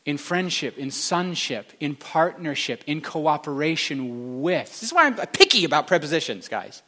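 A man's voice: on the high side, very animated, moderate pace, bright, forceful tone. A male pastor preaching a sermon with passion, stressing his points through repeated phrases.

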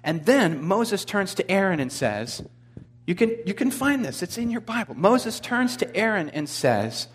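A man preaching a sermon, dropping to a hush and rising to loud cries, with humorous asides. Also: high-pitched, big pitch swings, unhurried. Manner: dramatic, swings from hushed to loud.

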